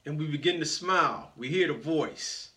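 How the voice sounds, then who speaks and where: A man's voice: a little high, normal speed, bright, forceful tone. A man giving a motivational speech as a story, playfully greeting audience members by name. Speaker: motivational speaker.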